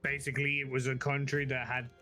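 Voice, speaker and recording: A man's voice: medium pitch, flat delivery, fast, pushed and bright, soft background music. A man from the English Midlands chatting casually on a game stream, hesitant and loose with fillers. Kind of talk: casual chat.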